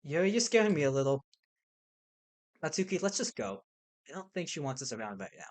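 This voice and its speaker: A man voicing a composed young woman who leads a club and speaks calmly and reasonably. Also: on the high side, fairly quick. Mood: uneasy.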